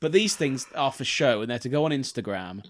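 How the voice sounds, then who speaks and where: A man, co-hosting a casual podcast chat, telling a story in an animated, mocking way and swearing freely. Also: medium pitch, fairly quick. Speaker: podcast co-host.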